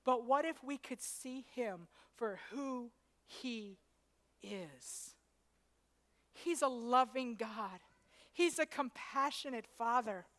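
A woman delivers a sermon in a high, bright register. She moves slowly and deliberately, building passages into loud, ringing declarations before falling back to soft, close speech. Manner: preaches in rising waves, building to shouts then dropping soft. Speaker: preacher.

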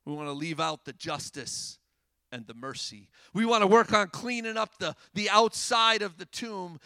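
Guy preaching a sermon, high bright voice, goes loud then drops way down quiet. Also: vocal fry, dry recording. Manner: animated, swings from loud emphasis to hushed near-whispers.

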